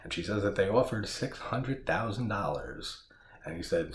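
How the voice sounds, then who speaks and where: Low-voiced man laughing through a recap. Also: expressive, normal speed, a little hiss or hum. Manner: laughs often, swears freely, quotes lines. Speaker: horror movie reviewer. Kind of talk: casual spoiler recap. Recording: echoey room with faint ambience.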